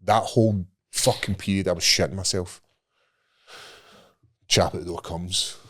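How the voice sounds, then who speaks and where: A man's voice: sits low, fairly even intonation, measured pace, breathy edge. A Scottish man co-hosting a podcast, telling a sweary, laughing anecdote and putting on the voices of the people in it. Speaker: podcast co-host. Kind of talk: casual storytelling.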